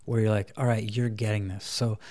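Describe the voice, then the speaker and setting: A man in his thirties, a parenting coach, chatting in an interview and softly acting out talks between parents and children. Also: lowish voice, little pitch movement, fairly quick. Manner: acts out parent and child dialogue in a soft voice. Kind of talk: casual interview chat.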